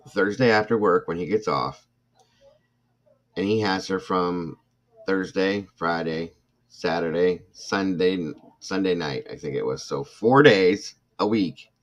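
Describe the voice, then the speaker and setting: An older man with a very low voice hosts a casual livestream, telling a long family story in a rambling, heated manner. He restarts his sentences and turns to address his viewers. The recording is muffled.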